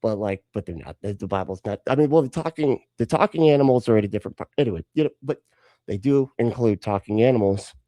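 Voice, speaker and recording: A man's voice: lowish voice, fast talker, mellow, dry recording. A man rambling through a comic drunken retelling of a story, interrupting himself often. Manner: rambling, self-interrupting, tipsy. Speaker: podcast co-host.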